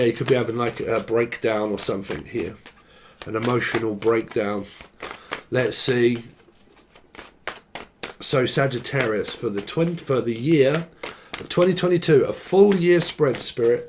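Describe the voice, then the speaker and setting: A man talks through a tarot reading in a loose, meandering way, drifting from one word to the next. He jokes around and swears casually, and his voice sits at an ordinary middle pitch for a man. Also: a little hiss or hum. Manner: loose and jokey, swears casually, free-associates on words. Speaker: tarot reader. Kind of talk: rambling solo tarot reading to camera.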